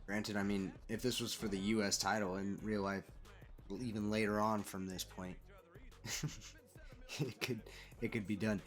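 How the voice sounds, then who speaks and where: A man giving casual, animated play-by-play commentary over a wrestling video game he is playing, calling players "brother". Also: on the low side, measured pace, long pauses, soft background music. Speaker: gaming commentator.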